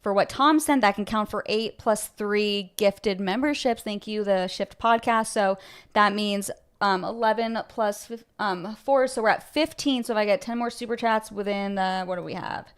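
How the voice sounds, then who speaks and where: A woman's voice: medium pitch, normal speed, clear, resonant tone. A woman hosting a casual livestream chat, breezy, flippant and chatty. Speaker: livestream host.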